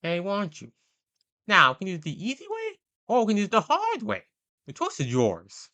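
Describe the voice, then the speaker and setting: A man doing a loud, pushy impression of a menacing, leering grown man whose voice rises as he makes his demands. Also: sits high, wildly swooping pitch, fairly quick, voice pushed up, full character voice.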